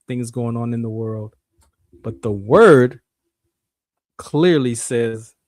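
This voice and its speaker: A man's voice: medium pitch, dry recording, clean studio sound. A man hosting a radio show, giving an emphatic, repetitive faith talk monologue in a preacher-like way.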